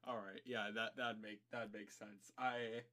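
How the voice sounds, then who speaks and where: A man co-hosting a casual podcast, chatty and quick to laugh. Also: lowish voice, little pitch movement, pushed and bright. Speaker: podcast co-host. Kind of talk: casual chat.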